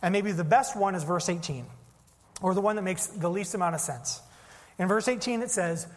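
A man's voice: high-pitched, normal speed. A man preaching a teaching sermon, explaining points step by step with frequent fillers. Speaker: pastor. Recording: long hall reverb.

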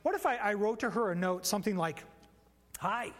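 A man preaching in a church, his fairly high voice carrying a long hall reverb. He talks in a conversational, animated way, slipping into playful storytelling asides. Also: quick pace. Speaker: pastor. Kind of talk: sermon. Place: church sanctuary.

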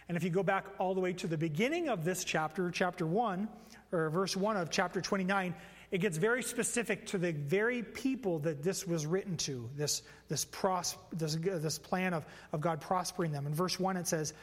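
High-voiced pastor in a reverberant hall. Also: male voice, normal speed. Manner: conversational, animated storytelling with playful asides. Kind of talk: sermon. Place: church sanctuary.

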